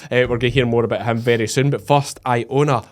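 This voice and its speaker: A man's voice: mid-range voice, fairly even intonation, fast talker. Bantering Scottish man hosting a podcast. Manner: jokey, teasing banter. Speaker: podcast host. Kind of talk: casual chat.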